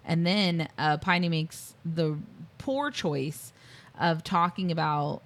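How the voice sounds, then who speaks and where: A woman's voice: fairly low pitch, lively intonation, slow. A woman co-hosting a casual film review podcast, retelling scenes at length with lots of ums and likes. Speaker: podcast co-host.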